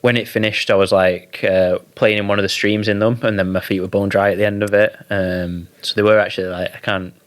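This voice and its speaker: Low-voiced laid-back young Englishman. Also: little pitch movement, a little fast, hardly any pauses. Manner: laid-back, hesitant, lots of ums and likes. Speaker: guest, model and consultant. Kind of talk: casual interview chat.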